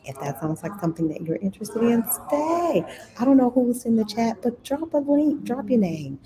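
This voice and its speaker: A woman's voice: a little high, very animated, moderate pace. A woman hosting a casual live-stream chat about money from a busy store, talking in a chatty way and sometimes dropping to a whisper. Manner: chatty, drops to a whisper at times. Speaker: host of a money and investing channel. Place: inside a busy computer store. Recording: noisy store background. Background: store ambience and chatter.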